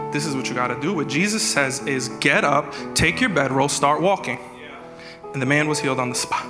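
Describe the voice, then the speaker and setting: Animated preacher in a reverberant church. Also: male voice, mid-range voice. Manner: animated preaching, acts out prayers in a raised voice. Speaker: executive pastor. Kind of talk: sermon. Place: church sanctuary. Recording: reverberant church hall with music.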